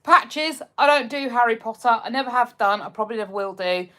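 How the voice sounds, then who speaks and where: A livestream host with an English accent reads comments and chats casually with her audience, often laughing and calling them darling. She speaks a little fast in a slightly high, fairly bright voice.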